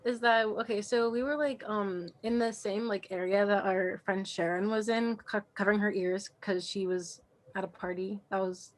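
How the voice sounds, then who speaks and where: A young woman co-hosting a podcast, chatting casually and telling an animated story full of "like" and acted-out quotes. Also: medium pitch, normal speed. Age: young adult. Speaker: podcast co-host. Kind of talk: casual chat.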